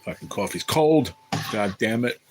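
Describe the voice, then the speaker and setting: A man's voice: lowish voice, animated, measured pace, background noise. A man hosting a casual livestream, rambling and swearing as he answers viewers in the chat. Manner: rambling, profane, chatty with viewers. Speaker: livestream host reading chat.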